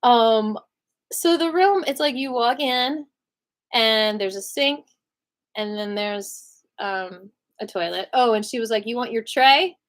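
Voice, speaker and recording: A fairly high-voiced woman talking to her viewers in a storytime vlog. She rambles with plenty of fillers and breaks into laughter between words. Her talk is loose, animated and conversational. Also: slow pace. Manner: animated retelling with many fillers. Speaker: vlogger.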